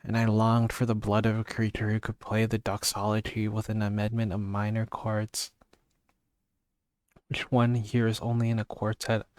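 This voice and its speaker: A man's voice: fairly low pitch, clean tone, dry recording. A man streaming a casual read-aloud of a story, reading steadily with restarts and brief asides.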